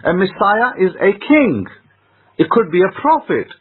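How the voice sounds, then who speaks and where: A man with a high, husky voice teaches scripture with emphatic repetition and frequent rhetorical questions. He sounds thin and tinny, like he is coming over a phone line. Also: sing-song, unhurried. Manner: emphatic, repeats phrases, asks rhetorical questions.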